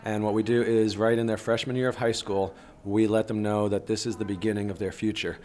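A man, a high school teacher, explaining his approach in a steady way during an interview. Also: brisk, faint music behind. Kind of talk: interview answers.

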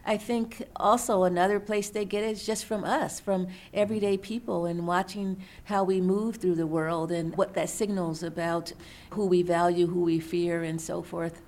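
A middle-aged woman with a somewhat low voice, speaking as an interview guest. She explains and tells stories in a thoughtful, measured way. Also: steady tone, darkish tone. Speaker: author and researcher guest. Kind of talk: interview answers.

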